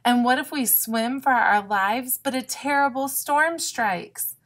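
A woman's voice: sits high, takes it slowly, a bit bright, voice pushed up. A woman voicing a nervous raccoon in a picture-book reading, hesitant and prone to dramatic worries. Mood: fretful. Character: nervous worrying raccoon, full of what-ifs.

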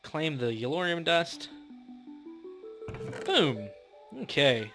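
A man's voice: fairly high pitch, lively intonation, takes it slowly, over music. A man hosting a casual gameplay commentary, playful and chatty, laughing often and talking to the creatures in his game. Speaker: gaming channel host.

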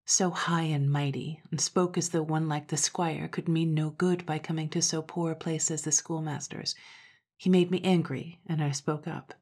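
Husky low-voiced woman telling a story. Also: steady tone, moderate pace, darkish tone. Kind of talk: scripted storytelling narration.

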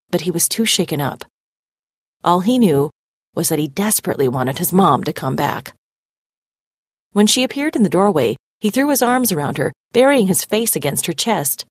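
A woman reading a story aloud expressively and pausing to define vocabulary words. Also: on the low side, husky, dry recording, clean studio sound. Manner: animated, dramatic storytelling. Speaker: reader.

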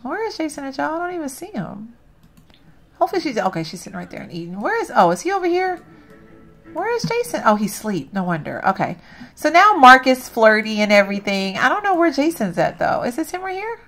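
A woman's voice: high voice, big pitch swings, brisk, fairly bright tone. A woman hosting a let's play, chatting to her viewers as she plays and laughing at herself. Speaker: gaming channel host.

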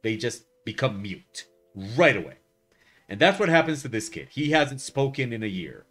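A man's voice: mid-range voice, normal speed. Chatty man rambling on a live stream. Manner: rambling, chatty, many fillers and restarts; wry, lively storytelling. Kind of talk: casual chat while drawing on stream.

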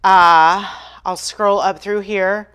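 A woman's voice: medium pitch, steady tone, takes it slowly, a bit bright, clean tone. Lady doing a diy livestream, chatty, jokes on herself, does voices in her stories. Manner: chatty storyteller, acts out dialogue, self-deprecating humor. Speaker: furniture painting livestream host. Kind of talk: casual livestream chat.

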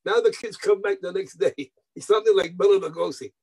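An older man from New York, an interview guest telling animated stories, repeating words, mixing in Spanish phrases and acting out the voices of people he quotes. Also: high-pitched, fast, slightly rough, low-quality recording. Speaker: guest musician. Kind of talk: anecdotal interview storytelling.

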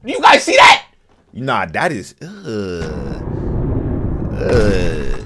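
Hyped young man shouting reactions. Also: on the low side, wildly swooping pitch, extremely slow, background noise. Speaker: reaction video host. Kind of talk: excited reaction commentary.

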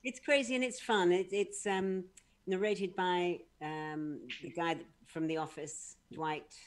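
A woman's voice: lowish voice, steady tone, a little slow. A woman who is a voice artist, talking casually and modestly over a video call. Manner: modest, laughing, proud parent. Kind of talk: casual chat.

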